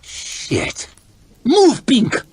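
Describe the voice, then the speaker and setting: A man voicing a desperate, furious young male brawler with high, strained shouts in a storybook reading. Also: big pitch swings, a little slow, no echo, exaggerated voice. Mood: frantic shouting.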